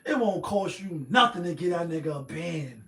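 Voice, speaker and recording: A man's voice: fairly high pitch, animated, moderate pace, fairly bright tone, echoey room. A man hosting a show, giving a rambling, profane, streetwise opinion monologue. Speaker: host. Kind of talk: casual monologue.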